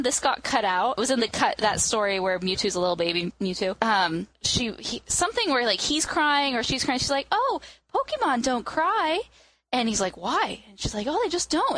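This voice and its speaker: A woman's voice: fairly high pitch, a bit bright, dry recording. A woman chatting casually, explaining while thinking aloud. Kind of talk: casual chat.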